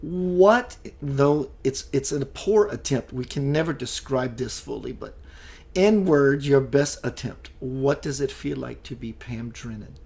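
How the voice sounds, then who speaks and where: Quick, staccato male radio host. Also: mid-range voice, lively intonation, gravelly, a little mellow. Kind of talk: interview chat.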